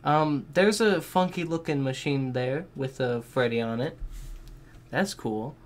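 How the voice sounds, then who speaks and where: A man giving casual, excitable reaction commentary on a game trailer, swearing freely and thinking out loud. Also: medium pitch, a little slow. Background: game trailer music.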